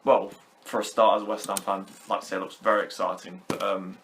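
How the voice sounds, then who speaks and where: A British man co-hosting a podcast, measured and agreeable in casual football chat. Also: low-pitched, little pitch movement, a bit bright, slight background noise. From Britain. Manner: agreeable, measured, often affirms. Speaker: podcast co-host.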